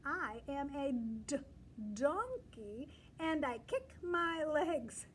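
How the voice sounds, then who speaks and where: High-voiced, slow-paced teacher reading aloud. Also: female voice. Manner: animated, coaxing, phonics sounding-out, loud cheers and soft whispers. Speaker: teacher reading to young children. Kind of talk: read-aloud lesson for young kids.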